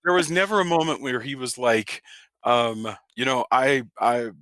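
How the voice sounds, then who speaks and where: A man's voice: medium pitch, lively intonation, moderate pace, fairly bright tone, no echo. A man co-hosting a podcast, chatting casually about a film and often restarting his sentences. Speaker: podcast co-host. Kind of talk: casual film review chat.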